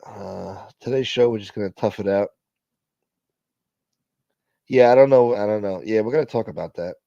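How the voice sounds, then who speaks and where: A man hosting a casual livestream, thanking donors and shouting out viewers by name in a profane, joking way. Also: on the low side, moderate pace, vocal fry, no room sound, highs cut off. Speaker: livestream host. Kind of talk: casual live chat reading donations.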